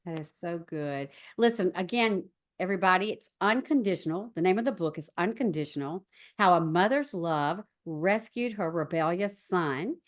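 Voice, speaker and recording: A woman's voice: fairly low pitch, animated, normal speed. A woman hosting a faith podcast interview, affirming and encouraging her guest. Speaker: podcast host.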